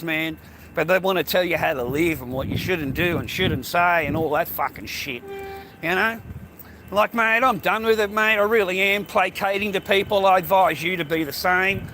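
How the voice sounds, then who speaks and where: A high-pitched Australian man talks at normal speed on a low-quality phone recording, ranting as he walks a street and path outdoors. Loud traffic and street noise surround his rambling, profane vlog, where everyone is mate or bro.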